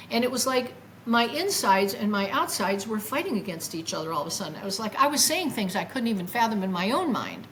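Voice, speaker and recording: An older woman, a guest, tells her own story with feeling and acts out her past words in a lively voice. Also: mid-range voice, fairly quick, few pauses, a little hiss or hum, poor audio. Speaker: guest recounting a near-death experience. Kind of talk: emotional first-person storytelling.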